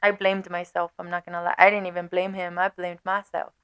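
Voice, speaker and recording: A young woman vlogger telling a dating story in casual chat, animated and swearing, laughing often. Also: on the low side, brisk, clear, resonant tone, no room sound.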